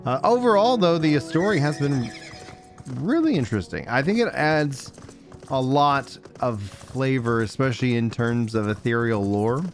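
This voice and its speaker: A man's voice: mid-range voice, expressive, a little slow, soft background music. A young adult man chatting casually on a livestream, rambling with fillers and restarts.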